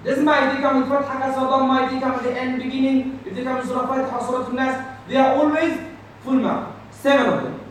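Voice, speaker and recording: A man teaching a tajweed class, drilling letters loudly for the students to repeat, then explaining softly. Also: extremely high pitch, level tone, quick pace, a little hiss or hum. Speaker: Quran recitation teacher. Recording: echoey room from far off.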